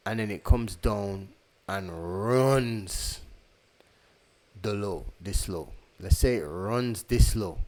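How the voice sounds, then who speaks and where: A man's voice: fairly low pitch, darkish tone, a little hiss or hum. A man teaching trading in a casual, conversational way, repeating key phrases and correcting himself as he goes. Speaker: trading instructor. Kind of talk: casual screen-share lesson.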